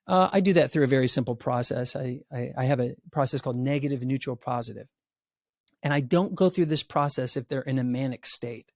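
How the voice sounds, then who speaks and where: A man's voice: medium pitch, a little mellow, dry recording, studio quality. A man giving a podcast interview as a resilience educator, talking with energy and acting out the voices of the people he quotes. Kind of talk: animated podcast talk.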